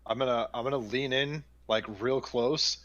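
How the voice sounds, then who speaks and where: Man, tabletop player, playful and mock-flattering, slightly muffled sound. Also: mid-range voice, moderate pace. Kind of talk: playing a tabletop game.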